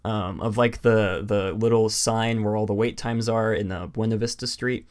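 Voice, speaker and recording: Young male podcast co-host, lowish voice, rambles with hiccups. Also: fairly even intonation, normal speed, a little mellow. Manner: rambling, many fillers and restarts. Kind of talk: casual chat.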